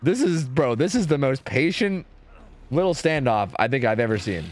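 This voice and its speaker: A man streaming and casually commentating a competitive match, chatty and profane, thinking out loud. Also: medium pitch, very animated, normal speed, background noise.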